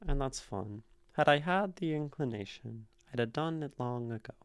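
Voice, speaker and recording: A man's voice: medium pitch, lively intonation, moderate pace, clean tone. A man streamer talking through a poem's rhyme and meter, thinking aloud and reading lines back to himself. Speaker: streamer analyzing poetry. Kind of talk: casual poetry analysis on a live stream. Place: streaming room.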